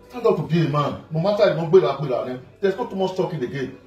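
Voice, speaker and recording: Here a Nigerian-accented man speaks fairly quickly in a fairly high, slightly mellow voice, talking casually and with emphasis straight to the camera. He repeats himself and fills pauses with "you know," heard through an echoey room, a faraway mic, and faint background music.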